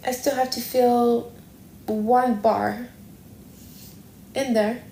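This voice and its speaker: Mellow and a bit high, her voice keeps a steady tone and draws out its words. The livestream host chats casually, meandering, rethinking and correcting her statements, while the echoey room carries faint background noise.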